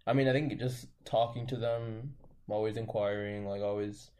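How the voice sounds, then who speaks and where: A man's voice: lowish voice, steady tone, normal speed, a little mellow. A young man co-hosting a podcast, chatting with friends and rambling with lots of filler words and restarts. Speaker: podcast co-host. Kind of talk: casual chat among friends.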